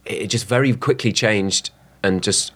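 A man's voice: on the low side, a little slow, a bit bright, slightly rough. A man, an actor, chatting casually as a guest, often restarting his sentences. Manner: hesitant, lots of restarts. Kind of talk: casual chat.

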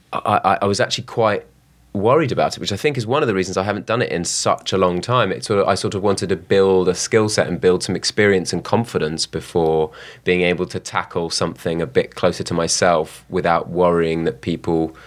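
A young man with a London accent talks in a casual interview. His voice sits very low, and he hesitates often, with fillers and restarts as he gathers his thoughts. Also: moderate pace. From southwest London, England. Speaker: actor, guest.

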